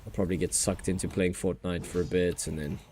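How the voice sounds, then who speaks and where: A man's voice: sits low, fairly even intonation, quick pace, mellow, slight background noise. A man with a New Zealand accent hosting a casual gaming livestream, rambling and joking as he talks and laughs often.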